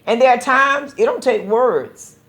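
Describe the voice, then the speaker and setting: A woman's voice: a little high, expressive, measured pace, fairly bright tone. A woman pastor hosting a call-in show, talking to listeners in an earnest, exhorting preaching style and often repeating words as she builds a point. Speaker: pastor and radio show host.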